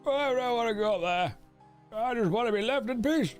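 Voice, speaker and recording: A man's voice: extremely high pitch, expressive, moderate pace, faint music behind, pitched above the performer's own voice. A man voicing a grumpy, reclusive old hermit who complains in a whiny, peevish way. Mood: grumbling.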